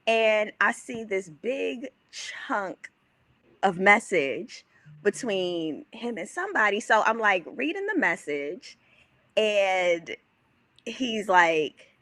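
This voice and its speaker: Bright-voiced woman telling a story. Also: mid-range voice, slow, dry recording. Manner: animated, acts out quoted dialogue, swears freely. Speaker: podcast guest. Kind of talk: casual storytelling.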